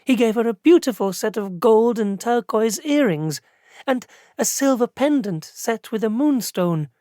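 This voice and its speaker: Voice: mid-range voice, animated, measured pace, dry recording, studio quality, pitched above the performer's own voice, close to an everyday voice. A narrator voicing a nervous, earnest young woman clerk who fights back tears. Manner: earnest, tearful, soft.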